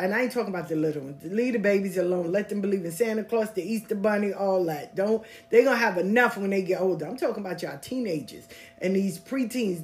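A woman hosting a podcast, telling personal stories in a casual, blunt, animated way and swearing freely. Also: mid-range voice. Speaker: podcast host. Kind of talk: casual storytelling monologue.

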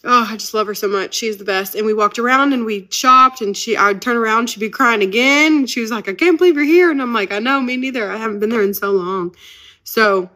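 Speaking briskly with a fairly high pitch and a pushed, bright quality, a woman in her 30s hosts her own podcast. She runs a business and keeps the casual talk lively and nonstop.

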